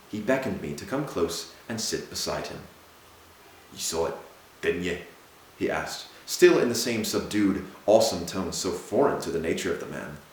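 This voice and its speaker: A man reading a Victorian ghost story aloud in a measured, dramatic way. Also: mid-range voice. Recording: very echoey room.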